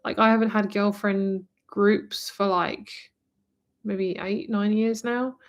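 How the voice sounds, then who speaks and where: A woman's voice: medium pitch, little pitch movement, slow. A woman from near London with a southern English accent, giving a rambling, chatty live-stream tarot reading and calling the viewer "my lovely". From England, near London. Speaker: tarot reader.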